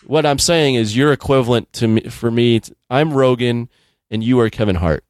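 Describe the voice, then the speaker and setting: A man's voice: medium pitch, moderate pace, darkish tone, no room sound. A man hosting his own podcast in casual chat, laid-back, swearing easily and laughing often. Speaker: podcast host.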